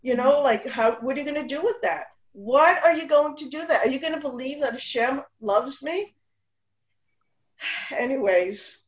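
A middle-aged woman with a high voice talks with animated, rambling warmth, often restarting her phrases. She is heard over a dull, lo-fi video call, and the audio has an echoey room sound. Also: normal speed. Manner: animated, rambling with restarts, sprinkles Hebrew and Yiddish words. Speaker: speaker at a women's Torah class gathering. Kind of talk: casual heartfelt talk.

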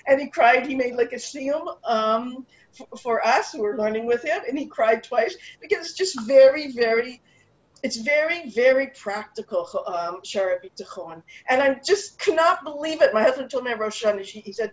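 A middle-aged woman with a high voice talks with animated, rambling warmth, often restarting her phrases. She is heard over a dull, lo-fi video call, and the audio has an echoey room sound. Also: normal speed. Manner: animated, rambling with restarts, sprinkles Hebrew and Yiddish words. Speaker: speaker at a women's Torah class gathering. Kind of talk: casual heartfelt talk.

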